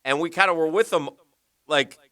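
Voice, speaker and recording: A male sports radio host with a slight Southern US accent, rambling in loose banter and sinking into a low mutter. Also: normal speed, pushed and bright, no echo, clean studio sound. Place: radio studio. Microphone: studio microphone.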